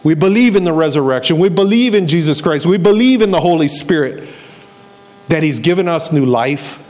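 A man's voice: a little high, animated, normal speed, darkish tone. A man preaching a sermon as a pastor, telling the story and acting out the voices of the people in it, and repeating key phrases for emphasis.

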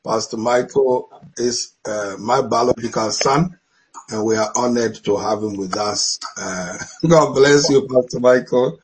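A man's voice: medium pitch, measured pace, a little hiss or hum, low-quality recording. A middle-aged man with an African accent, a bishop hosting an online church talk, laughing often and blessing his guests.

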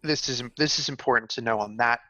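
A man's voice: medium pitch, brisk, bright, forceful tone, no room sound, highs cut off. A young man co-hosting a casual history podcast, talking things through conversationally with fillers. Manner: conversational, thinking aloud with fillers. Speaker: co-host.

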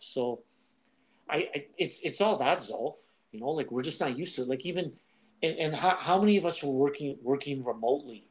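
A man in casual chat, telling jokey stories in an animated way. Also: mid-range voice, fairly quick.

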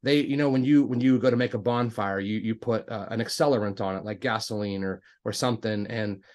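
A man telling his conversion story in a casual, animated way, acting out both sides of the conversations. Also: lowish voice, a little fast. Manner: frequent fillers and restarts, says "like" a lot.

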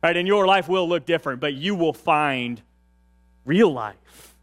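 A male pastor delivering a sermon in a relaxed, conversational way, often checking in with his listeners. His voice sits a little high for a man. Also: a little slow.

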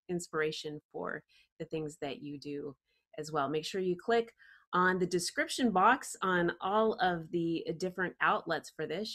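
Female show host, effusive and enthusiastic, slightly low voice. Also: fairly bright tone. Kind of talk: interview hosting.

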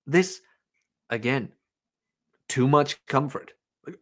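A man's voice: medium pitch, very animated, measured pace. A man hosting a podcast in casual chat, blunt and swearing freely as he tells stories and acts out what others said. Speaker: podcast host.

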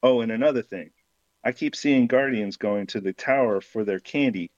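A man's voice: mid-range voice, moderate pace, no echo, muffled recording, natural voice. A man reading the lines of a cold, demanding male crime boss who bargains curtly. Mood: gruff. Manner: grumbling, curt bargaining.

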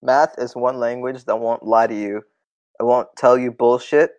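A man's voice: mid-range voice, normal speed, no room sound. Young man, mid-range voice, dry close mic, casual joking chat. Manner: relaxed, swearing, joking.

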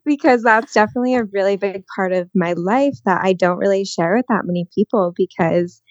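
A woman who is a guest on a casual podcast, speaking calmly and reflectively, pausing with "um" and "like". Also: medium pitch, no echo. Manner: calm, reflective, halting with "um" and "like". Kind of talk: casual chat. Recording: dull, dry, lo-fi sound.

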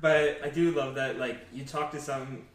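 A man's voice: mid-range voice, fairly even intonation, moderate pace, distant mic. Rambling man in echoey chat. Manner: rambling, laughs, swears. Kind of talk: casual podcast chat.

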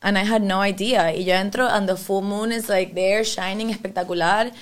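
A woman's voice: medium pitch, steady tone, brisk. A young Venezuelan woman, a singer-songwriter, chatting frankly as a guest and slipping between English and Spanish. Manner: frank, switches between English and Spanish mid-sentence, swears freely. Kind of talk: casual interview chat.

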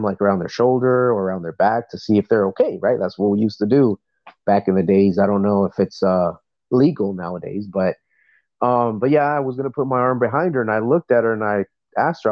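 A man's voice: fairly low pitch, dry recording, dull audio. A man calling in to tell a workplace story in a casual, rambling way, full of fillers and restarts. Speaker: voice message caller.

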